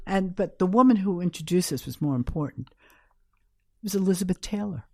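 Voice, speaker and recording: Low-voiced older New York woman. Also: animated, normal speed, dry recording, clean studio sound. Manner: candid, anecdotal, acts out quotes. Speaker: guest. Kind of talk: storytelling in an interview.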